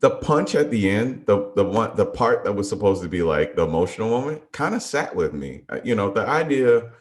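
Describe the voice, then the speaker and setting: Male podcast co-host, lowish voice, halting and reflective casual talk. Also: very animated. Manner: hesitant, restarts often, thinks aloud. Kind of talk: casual chat.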